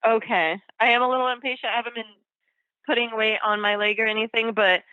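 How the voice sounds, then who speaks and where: A woman's voice: a little high, fairly even intonation, quick pace, no room sound. A woman calling in to a radio show. She talks in an eager, rambling way and sounds emotional. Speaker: caller. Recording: dull phone-line sound.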